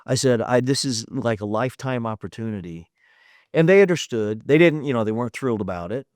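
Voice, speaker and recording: A man's voice: mid-range voice, expressive, fairly quick, darkish tone, dry recording, studio quality. A man in his fifties, a podcast guest, telling his story in a candid, matter-of-fact way and acting out the dialogue as he goes. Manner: retells events by acting out quoted dialogue. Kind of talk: storytelling in a conversational interview.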